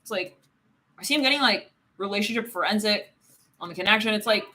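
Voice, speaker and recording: A woman's voice: mid-range voice, fast, bright, forceful tone. A woman doing a live tarot reading, rambling and giggling, filling her talk with "it's like". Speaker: tarot reader.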